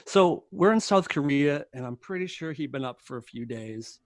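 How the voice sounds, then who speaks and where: A man guesting on a podcast, telling a story in casual chat, animated and laughing often. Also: a little high, moderate pace, dry recording, clean studio sound. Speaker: podcast guest, former tour crew member.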